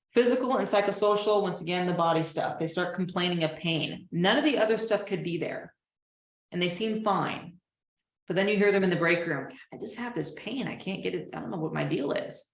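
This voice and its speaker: A low-pitched woman counselor leads a training seminar, lively and animated. She slips into short acted voices to quote her clients. The room around her is echoey. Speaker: trauma counselor.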